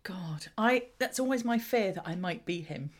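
A woman's voice: medium pitch, lively intonation, normal speed. A woman from southern England co-hosting a podcast, chatting casually with playful, self-mocking banter. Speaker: podcast co-host. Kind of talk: casual comedic chat.

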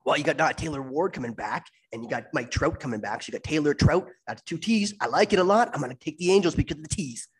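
A man's voice: a little high, fast, few pauses, husky. A man co-hosting a parody sports betting show, boastful and crude, swearing freely. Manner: crude, boastful, swearing, sometimes whispers tips. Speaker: co-host.

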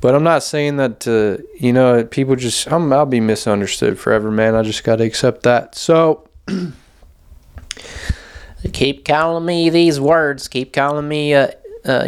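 A man's voice: mid-range voice, normal speed, clear, resonant tone. A young man hosting a podcast, talking in a loose, rambling monologue full of swearing and fillers. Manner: rambling, profane, heavy on "like" and "man". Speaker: podcast host. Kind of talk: casual monologue.

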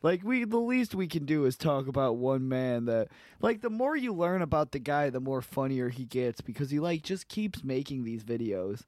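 A man's voice: medium pitch, very animated, moderate pace, darkish tone, no echo, clean studio sound. A man co-hosting a podcast in casual, crude chat, joking and laughing often with many fillers. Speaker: podcast co-host.

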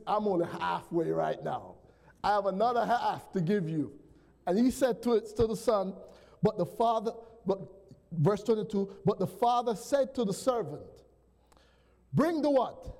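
High-pitched preacher in a reverberant church. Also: male voice, vocal fry. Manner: animated preaching, calls to the congregation. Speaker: pastor. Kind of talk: sermon. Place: church sanctuary.

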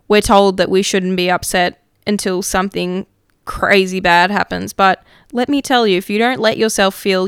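Candid, clear-voiced woman podcaster. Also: medium pitch, fairly bright tone, dry recording, clean studio sound. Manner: open, emotional, swears casually; reflective, many fillers like "like". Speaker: podcast host. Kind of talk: candid personal monologue.

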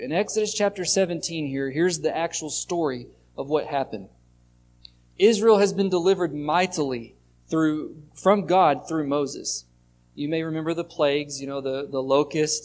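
A male pastor preaching in a relaxed, conversational way, his voice sitting a little high for a man. He reads scripture aloud, swings between loud and soft, and a faint hum runs underneath. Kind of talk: sermon.

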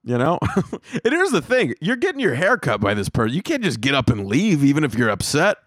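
A man's voice: a little high, a little fast, no room sound, studio quality. A man hosting his own comedy podcast, telling rambling, profane stories in a casual monologue. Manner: profane, rambling, animated storytelling.

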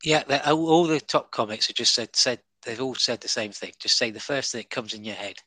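A man's voice: mid-range voice, a little fast, pushed and bright, no echo. A man, a stand-up comedian, chatting as a guest over an online call, rambling with lots of fillers and restarts and chuckling as he goes. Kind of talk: casual interview chat. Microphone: online call app.

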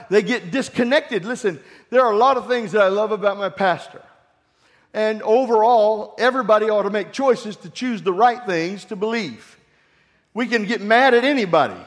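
Guy pastor preaching, high voice, asks the crowd to say amen, jokes about his kids, echoey church hall. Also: a little fast. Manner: call-and-response preaching with humorous family stories. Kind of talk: sermon. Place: church sanctuary. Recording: long hall reverb.

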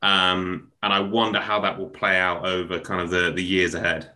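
Bright-voiced man, halting and thoughtful. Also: sits low, flat delivery. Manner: hesitant, many ums and restarts. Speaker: podcast co-host. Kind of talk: casual sports discussion.

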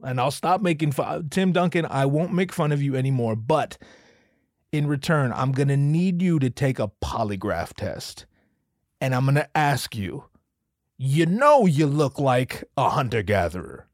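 A man in his thirties with a mid-range voice hosts a casual solo podcast, riffing and joking with lots of swearing and frequently interrupting himself. The recording is dry with clean studio sound.

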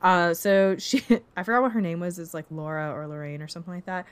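Chatty woman with a smooth, low-ish voice. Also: fast. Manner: animated retelling with acted-out quotes; many "like" fillers. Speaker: podcast co-host reviewing a movie. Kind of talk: casual chat.

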